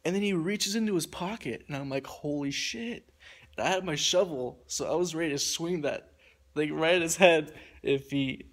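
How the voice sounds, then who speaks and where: A man's voice: on the high side, normal speed. Young man rambling on a phone. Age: young adult. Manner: rambling, heavy use of "like". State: shivering in the cold. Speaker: vlogger. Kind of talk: casual storytelling. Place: outdoors.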